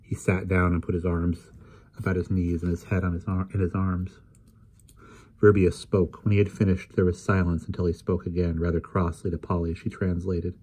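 Deep, husky male storyteller. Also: little pitch movement, normal speed, a little mellow. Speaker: audiobook reader. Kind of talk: reading a novel aloud.

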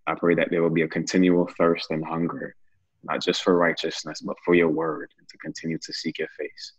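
A man's voice: a bass voice, little pitch movement, fairly quick, husky, no echo, dull audio. A man leading a casual Bible study, who closes it with an earnest, repetitive prayer. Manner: earnest, praying with repeated phrases.

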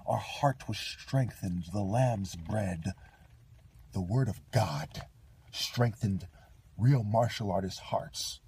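A man delivering a rambling, combative monologue, swinging between loud outbursts and low muttering, preachy and full of profanity. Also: gravelly, a little hiss or hum. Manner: heavy profanity, slangy. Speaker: vlogger.

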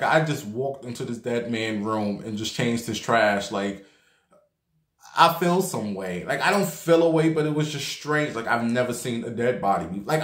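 A man telling a casual story straight to camera, chatty and animated, dropping swear words and filling gaps with "like". His voice sits at an ordinary middle pitch. The room gives it a noticeable echo. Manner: chatty and animated, swears freely, leans heavily on "like". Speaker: vlogger. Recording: roomy echo.

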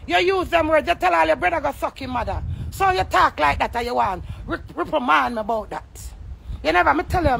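Gravelly high Jamaican woman ranting. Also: fairly bright tone, slight background noise. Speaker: livestreamer. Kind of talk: angry livestream rant.

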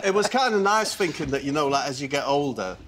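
A man's voice: fairly high pitch, big pitch swings, fast, fairly bright tone, slight background noise. Dry, self-mocking British man. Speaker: guest. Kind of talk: casual chat. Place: TV studio.

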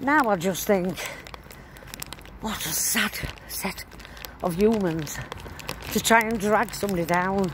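An older woman talks in a loose, rambling way. She records on a phone as she walks outside. Clear traffic and street noise sit behind her voice. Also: medium pitch, slow, pauses often. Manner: rambling, chatty, broad dialect. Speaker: vlogger. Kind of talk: casual chat while walking. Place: outdoors on a town street.

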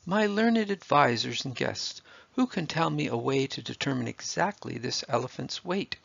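A man voicing an amused, commanding prime minister in a storybook, with a gravelly, proud delivery. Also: medium pitch, lively intonation, normal speed, a bit bright, no room sound, lo-fi sound, voice pushed up, heavily acted.

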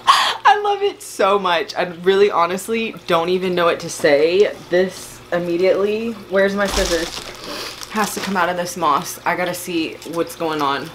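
A woman's voice: fairly low pitch, moderate pace, background noise. A woman vlogging a plant unboxing, gushing and overwhelmed with emotion as she talks to her viewers. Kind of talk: casual unboxing vlog.

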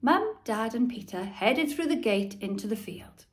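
A woman reading a children's story aloud expressively as the channel's storyteller. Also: fairly high pitch. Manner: expressive, slow.

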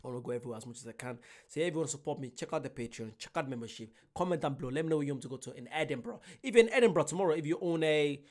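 An exhausted man hosting a reaction video, with a slightly high voice. He rambles casually and pleads with his viewers. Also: lively intonation, rapid-fire, hardly any pauses, a little mellow.

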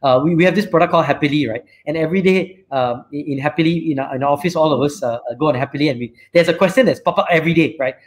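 A man's voice: fairly high pitch, very fast, hardly any pauses. A man with a Malaysian English accent hosting a casual live-stream chat. He rambles freely, tagging sentences with "right?" and lots of fillers. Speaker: show host and company CEO.

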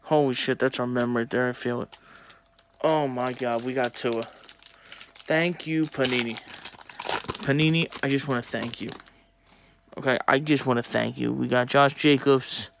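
A young man talking casually to viewers while opening sports cards, chatty and excitable. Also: medium pitch, normal speed, vocal fry, a little hiss or hum. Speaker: sports card collector opening packs. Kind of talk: casual pack-opening vlog.

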